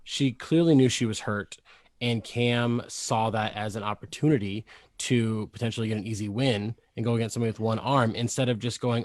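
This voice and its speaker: A man co-hosting a podcast, explaining his point in a measured casual way. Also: on the low side, steady tone, no echo. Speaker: podcast co-host. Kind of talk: casual chat.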